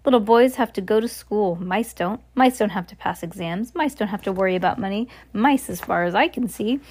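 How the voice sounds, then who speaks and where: A woman reads a children's novel aloud at a medium pitch. Her delivery is plain and unpolished, with the occasional slip and restart. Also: brisk, darkish tone. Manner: plain, unpolished reading with small slips and restarts. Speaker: reader.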